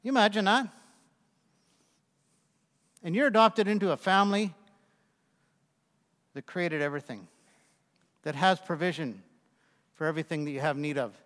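A man's voice: a little high, normal speed, pauses often, a bit bright. A man in his sixties preaching a conversational sermon, telling folksy stories with asides to the congregation. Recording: long reverb of a large hall.

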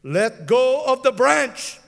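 A man voicing God speaking from the sky with slow, solemn proclamations. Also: extremely high pitch, very animated, creaky, a bit bright, in a large hall, exaggerated voice.

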